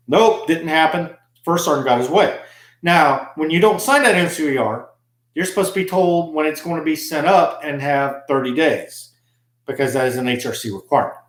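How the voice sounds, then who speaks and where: A man's voice: on the high side, normal speed, roomy sound. A man who served in the army, telling a story in an aggrieved, emphatic monologue. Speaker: army veteran vlogger. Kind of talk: casual monologue.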